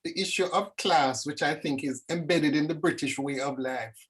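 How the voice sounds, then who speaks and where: A woman from Jamaica, speaking reflectively as a guest over a video call, animated and storytelling. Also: low-pitched, moderate pace, husky. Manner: animated, lively storyteller with dramatic asides. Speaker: discussion guest. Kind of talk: reflective conversation.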